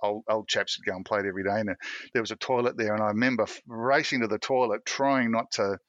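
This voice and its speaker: Man, middle-aged, bright tone, dry close sound, rambling storyteller. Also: lowish voice, fairly even intonation, quick pace, no room sound, lo-fi sound. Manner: rambling anecdotes, frequent restarts and self-laughter. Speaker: guest, former federal police officer. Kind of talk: casual storytelling interview.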